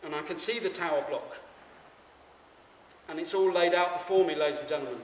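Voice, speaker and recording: Male stage performer, stammering absurd monologue; higher voice, distant mic, reverberant venue. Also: fairly quick, a little hiss or hum. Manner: rambling, stammering, addresses the audience. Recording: echoey hall, mic far off.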